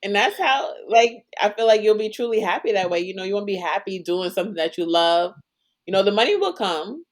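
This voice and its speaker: A woman's voice: mid-range voice, lively intonation, brisk. A woman hosting a podcast, recapping a show in a sassy, laughing, casual way. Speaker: podcast host.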